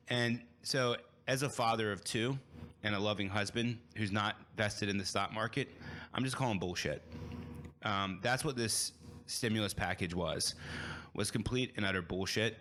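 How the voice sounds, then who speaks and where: A man's voice: lowish voice, moderate pace, bright, forceful tone. A man in his thirties, a podcast host giving a blunt, emphatic opinion monologue.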